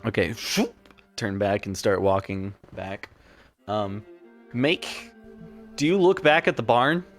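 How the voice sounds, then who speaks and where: A man narrating as game master in a tabletop game, relaxed and full of fillers. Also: lowish voice, slow pace, pauses often, soft background music. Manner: relaxed, hesitant, many fillers.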